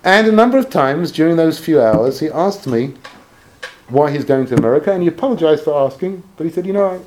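Animated man telling a personal story. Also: fast talker, background noise. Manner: animated, expressive storytelling with swings in pitch. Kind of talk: anecdotal storytelling talk.

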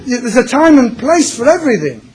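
A man's voice: extremely high pitch, big pitch swings, a little fast, darkish tone, slight background noise. A man teaching a religious class, telling stories and mixing in Yiddish and Hebrew terms.

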